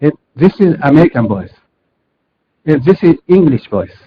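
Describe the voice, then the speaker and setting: A man's voice: on the high side, sing-song, slightly rough. A man giving a technical conference presentation over a video call, speaking hesitantly and correcting himself as he goes. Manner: hesitant, halting with self-corrections. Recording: muffled video-call audio.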